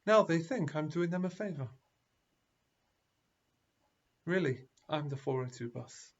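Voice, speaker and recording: A man's voice: on the high side, lively intonation, normal speed. A rabbi voicing a weary male bus driver who stammers and hesitates as he speaks, in a dull lo-fi recording. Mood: confiding. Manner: stammering, pleading, reluctant.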